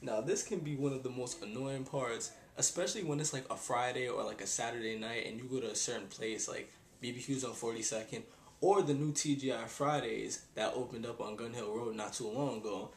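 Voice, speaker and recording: A man's voice: medium pitch, fairly even intonation, fairly quick. A young man, ranting in a casual vlog with exasperated sighs and slang. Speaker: vlogger. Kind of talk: casual rant. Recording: echoey room.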